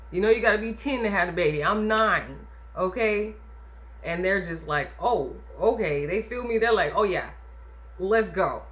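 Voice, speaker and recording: A woman with a fairly low voice tells a personal story in a loose, chatty way. She talks emphatically and keeps tossing in little asides to the listener. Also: fairly bright tone. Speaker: vlogger telling her birth story. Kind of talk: casual storytelling.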